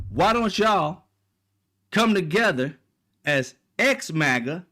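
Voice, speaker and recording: A man's voice: high voice, fairly bright tone. A man delivering a heated, profane political rant, mocking and blunt. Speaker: political commentator. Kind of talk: ranting monologue.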